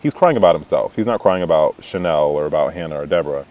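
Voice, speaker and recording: A man's voice: very deep voice, fast, a little mellow, dull audio. A young man recapping a reality show in a chatty, catty way, full of "like" fillers and laughter. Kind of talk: casual gossipy recap.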